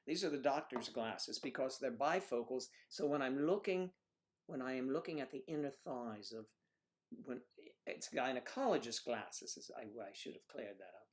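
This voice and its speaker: A man's voice: mid-range voice, lively intonation, moderate pace. A man hosts a casual livestream and rambles from one joke to the next. His manner is playful and loose, like someone chatting off the cuff with viewers. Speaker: livestream host.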